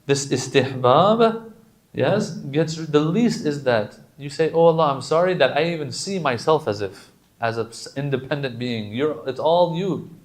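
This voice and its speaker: A male preacher giving a sermon, switching between quick Arabic recitation and relaxed English explanation. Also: fairly high pitch. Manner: chants Arabic lines rapidly then explains in casual English.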